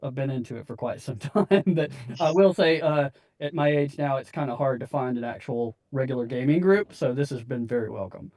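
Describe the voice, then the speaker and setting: A man's voice: mid-range voice, a little fast, hardly any pauses, a little mellow. A middle-aged man, new to voice acting, chatting hesitantly with many fillers. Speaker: new voice actor and player. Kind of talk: casual chat.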